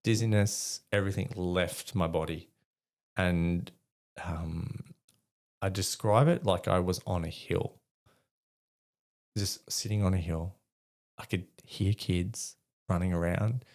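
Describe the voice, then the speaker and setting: A man's voice: deep voice, warm tone. A middle-aged Australian man telling a story as a podcast guest, swearing freely, with many fillers. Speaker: podcast guest, army veteran. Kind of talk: casual storytelling in conversation.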